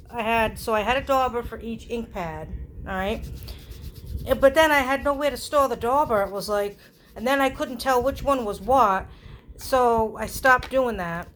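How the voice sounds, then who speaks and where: A woman's voice: on the high side, normal speed. Casual woman host talking through a craft project, playful and self-deprecating, light background hiss. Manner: chatty, self-mocking, animated asides. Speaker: crafter hosting a craft video.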